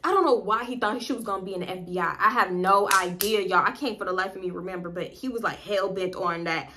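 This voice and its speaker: A young woman vlogger telling a personal story in a casual, profane, animated way, laughing often and swinging between loud and quiet. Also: medium pitch, fast talker.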